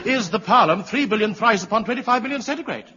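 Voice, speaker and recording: An actor playing a pompous expert in a 1950s radio comedy, reeling off scientific jargon, from an old broadcast. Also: male voice, high voice, animated, pushed and bright, muffled recording. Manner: rapid, pompous pseudo-scientific patter.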